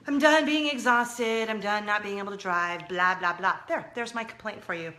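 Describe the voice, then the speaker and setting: Woman, 30s, mom vlogger talking to camera, bright and forceful tone, chatty and dramatic. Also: medium pitch, moderate pace, slight background noise. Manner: chatty and expressive, swinging from loud to hushed. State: injured, in a leg cast. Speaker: parenting vlogger. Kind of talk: casual chat to camera.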